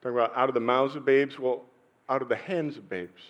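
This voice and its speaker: A middle-aged pastor tells personal stories during his sermon, pausing and then swelling abruptly in loudness. His medium-pitched voice keeps a steady tone, and the high frequencies are cut off.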